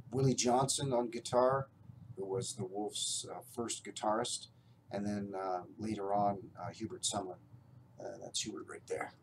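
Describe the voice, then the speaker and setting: A Canadian record collector shows off his finds in a casual, enthusiastic, rambling show-and-tell. His voice is fairly low, and there's a little hiss or hum.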